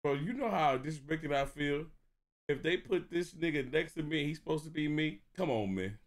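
A man streaming a casual movie reaction, telling stories in an animated, profane, laughing way. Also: fairly high pitch, normal speed.

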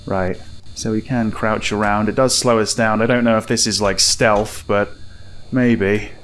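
A man's voice: lowish voice, steady tone, unhurried, a bit bright, slight background noise. A man commentating his horror game playthrough, talking to himself, startling and laughing nervously as he goes. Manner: jumpy, laughing, talks to himself. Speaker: gameplay commentator. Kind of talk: let's play commentary. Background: game music.

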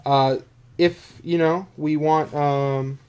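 A man's voice: on the high side, a little mellow, clear, resonant tone. Joking man hosting a card break. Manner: joking, self-mocking, chatty. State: dry throat. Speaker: card-break stream host. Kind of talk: casual live-stream chat.

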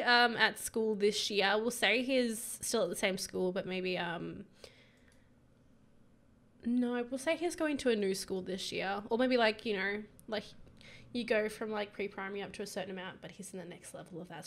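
A young woman with a croaky voice giving bubbly, giggly casual commentary on her life-sim gameplay. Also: medium pitch, fairly bright tone. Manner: bubbly and giggly, gushing over her characters. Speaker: gaming YouTuber.

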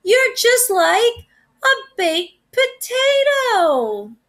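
A woman voicing a doting lady who adores her dog in a read-aloud storybook, high and sing-song. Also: very animated, moderate pace.

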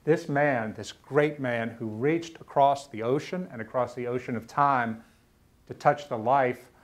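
Middle-aged man, mid-range voice; earnest lecturer who stumbles and repeats words in emotional stretches. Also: medium pitch. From Louisiana, US South. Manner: earnest, halting, repeats words when moved. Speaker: author giving a lecture. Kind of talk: personal storytelling lecture. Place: university lecture room.

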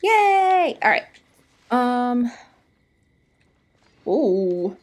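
A tired woman with a hoarse voice, chatting casually and exclaiming to herself as she plays a video game. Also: medium pitch, expressive, measured pace, faint music behind. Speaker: gaming YouTuber. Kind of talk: casual gameplay commentary.

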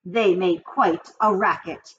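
A woman reading a children's book aloud with expressive narration. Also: fairly low pitch, takes it slowly, husky. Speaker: reader. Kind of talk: read-aloud storybook narration. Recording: dull recording with faint hiss.

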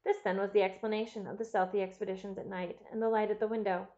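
A woman narrating a classic novel as an audiobook, in a measured, expressive storytelling manner. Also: mid-range voice, muffled recording.

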